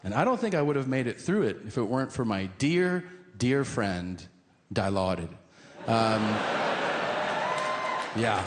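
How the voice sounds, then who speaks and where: A man's voice: medium pitch, big pitch swings, unhurried, long pauses. A man performing a stand-up comedy set on stage, telling profane stories and acting out the dialogue. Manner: conversational, profane storytelling with acted-out dialogue. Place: comedy stage before a live audience. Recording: live stand-up with loud crowd and room noise. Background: loud audience laughter.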